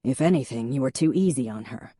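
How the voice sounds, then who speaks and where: A woman narrator voicing a patient, dry-humored male police chief who speaks steadily and calmly. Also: medium pitch, moderate pace, breathy edge, dry recording, natural voice. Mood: steady. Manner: steady, calm, gently teasing.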